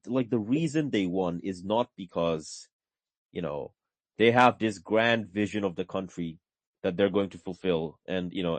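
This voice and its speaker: A man's voice: fairly low pitch, no echo. A man hosting a casual political chat, ranting heatedly with plenty of swearing and "bro". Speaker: podcast host.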